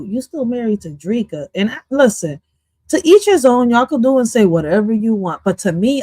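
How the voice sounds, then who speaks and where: A woman streaming casual reaction commentary on an interview clip, loud, profane and playful, dropping in Spanish phrases. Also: mid-range voice, no room sound.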